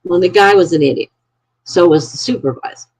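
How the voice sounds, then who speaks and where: A woman hosting a casual live stream from her apartment, telling long rambling stories to her viewers in an animated way. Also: lowish voice, a little fast, slightly rough, poor audio.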